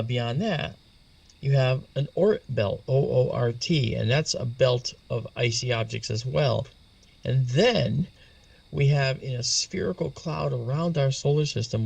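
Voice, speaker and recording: A man's voice: medium pitch, slow, vocal fry, a little mellow, recorded from a distance. A man patiently explaining astronomy as a guest in an interview, spelling out terms as he goes.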